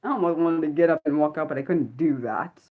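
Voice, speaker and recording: Woman, 30s, livestream host, rambling chatty delivery, slightly low pitch. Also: fast talker, husky, phone-quality sound. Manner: rambling, jumps between topics, loses her thread. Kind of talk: casual unscripted livestream chat.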